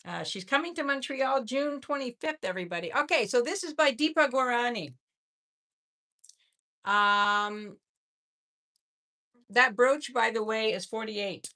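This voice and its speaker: A woman hosts a live online jewelry sale in a casual, gushing way, often doubling up her words. Her voice is bright and forward. She takes her time and speaks at a slow pace. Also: a little high. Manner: chatty, effusive, repeats words. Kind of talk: casual live-stream selling.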